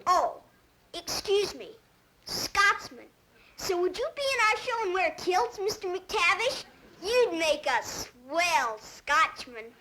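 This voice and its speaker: A woman voicing a mischievous, pushy little boy in a cartoon, with a high, chirpy child voice. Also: expressive, slow pace, bright, forceful tone, full character voice. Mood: eager. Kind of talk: cartoon voice acting. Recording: noisy old TV audio.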